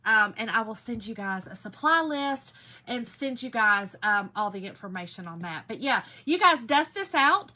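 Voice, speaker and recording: Woman, Southern accent from Georgia, hoarse raspy voice, chatty live-stream host, bright tense tone. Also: fairly high pitch, expressive, normal speed. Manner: chatty, greets viewers by name, constant "y'all". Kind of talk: casual live-stream chat.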